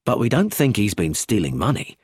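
Man doing a calm inspector from a storybook, lowish husky voice, measured delivery. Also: no echo, studio quality. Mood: matter-of-fact. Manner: measured and matter-of-fact. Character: calm, methodical male police inspector.

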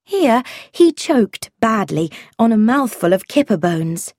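Slow, expressive woman narrating a story. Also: medium pitch, no echo, studio quality. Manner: expressive, wry, with voiced dialogue. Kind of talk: first-person storybook narration.

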